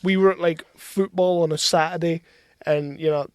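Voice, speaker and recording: A man with a notably high voice co-hosts a laid-back movie podcast, telling lively anecdotes and laughing often. His voice sits close and dry, with no room around it. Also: normal speed, clear, resonant tone, no room sound. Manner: animated storyteller, laughs often. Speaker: podcast co-host. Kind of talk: casual chat.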